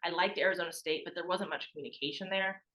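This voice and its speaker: Young woman, podcast guest, casual storytelling, quotes people, crisp bright tone. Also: on the low side, fairly even intonation, fast, poor audio. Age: young adult. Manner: chatty, lots of "like", acts out quoted voices. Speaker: podcast guest, former college athlete.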